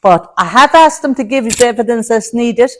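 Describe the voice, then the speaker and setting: This medium speaks fairly quickly in a fairly high voice with lively intonation, and there's a little hiss or hum on the recording. Addressing an audience in a spiritualist centre hall, she relays messages chattily, quoting them and warmly calling people love and darling.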